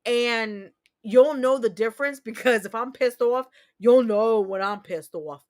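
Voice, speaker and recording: A woman's voice: on the high side, measured pace. A woman in her thirties hosting a casual livestream chat, telling personal stories candidly and emotionally, with a noticeable accent and mild swearing. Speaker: streamer host.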